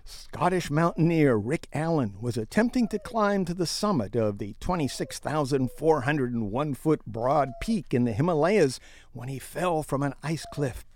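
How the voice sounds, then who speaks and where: A man's voice: fairly high pitch, animated, moderate pace, darkish tone. A man co-hosting a casual comedic news chat, reading stories aloud with a wry, mocking tone and frequent laughs.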